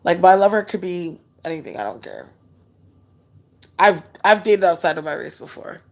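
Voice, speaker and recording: A woman hosting a casual live stream, chatting loosely and candidly while answering viewer comments in a relaxed way. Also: fairly low pitch, gravelly. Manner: relaxed and unhurried. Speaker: livestream host.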